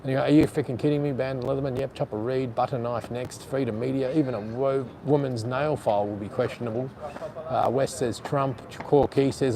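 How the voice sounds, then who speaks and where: A man's voice: mid-range voice, fairly even intonation, a little fast, mellow, a little hiss or hum. An Australian man live streaming outdoors in a city on a phone gimbal, rambling bluntly and swearing casually while reading out chat comments.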